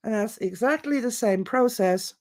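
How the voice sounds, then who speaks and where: A woman's voice: a little high, normal speed. A woman giving an opinionated, theatrical monologue, digressing and acting out other people's reactions. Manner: animated, theatrical, acts out quotes, digressive. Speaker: presenter.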